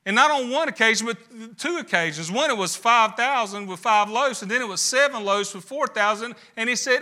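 A man's voice: very high-pitched, expressive, moderate pace, few pauses, pushed and bright. A man preaching a sermon, building emphasis with rhetorical questions. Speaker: pastor.

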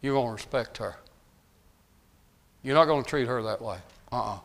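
A middle-aged man preaching a folksy sermon, dropping to quiet asides and rising to loud shouts. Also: mid-range voice, normal speed, gravelly.

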